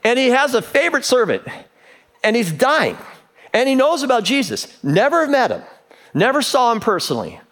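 A middle-aged male pastor preaching a sermon, telling stories with animated acted-out voices and dropping to a near hush at times. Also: very high-pitched, normal speed. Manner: animated storytelling, acting out voices, drops to a hush.

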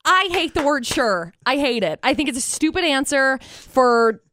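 Female radio co-host, high voice, blunt and opinionated, dry close studio sound. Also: animated, sharp tone, no echo. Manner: blunt, opinionated, quick to object. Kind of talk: casual morning radio banter.

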